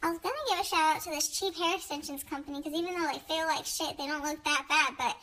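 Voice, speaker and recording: A young woman with a drawl vents into her phone camera. Her voice sits very high and sounds bright and sharp, and she speaks bluntly, with sass and emphasis. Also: fairly even intonation, fast, low-quality recording. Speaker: vlogger. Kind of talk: ranting social media story.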